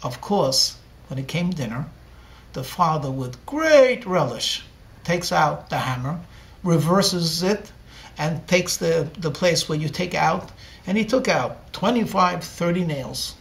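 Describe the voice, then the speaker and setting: A man's voice: fairly high pitch, lively intonation, takes it slowly, creaky, a bit bright. A man, a rabbi, telling a story in a sermon and acting out the characters' lines dramatically. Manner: dramatic storyteller, acts out dialogue.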